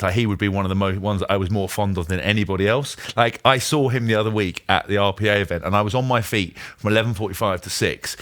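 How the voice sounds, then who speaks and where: A man co-hosting a podcast, telling rambling, animated stories in a casual chat. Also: lowish voice. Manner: rambling, animated storytelling with frequent laughter. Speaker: co-host.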